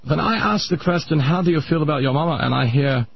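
A man's voice: fairly high pitch, fast, vocal fry, slightly rough, no room sound. A man voicing a pompous older Viennese psychiatrist in a radio comedy bit, lecturing in a thick mock-German accent. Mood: smug. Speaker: comedy sketch character. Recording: muffled radio broadcast.

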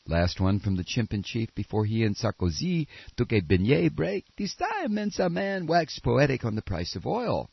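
A man from Texas hosting a podcast, giving sarcastic, animated political commentary. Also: mid-range voice, normal speed, gravelly, hardly any pauses, slightly rough, no echo, highs cut off. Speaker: podcast host.

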